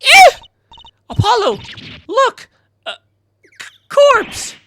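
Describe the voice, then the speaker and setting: A man voicing an excitable young female lawyer in a high, squealing falsetto. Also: moderate pace, vocal fry, heavily acted. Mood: excited. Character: excitable young woman lawyer, jumpy and eager.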